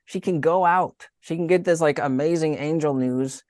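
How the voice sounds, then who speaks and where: A man's voice: a little high, moderate pace, dry recording, studio quality. A man giving an informal, earnest spiritual reflection in a conversational way. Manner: earnest, conversational, with soft laughs. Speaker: speaker giving faith reflections.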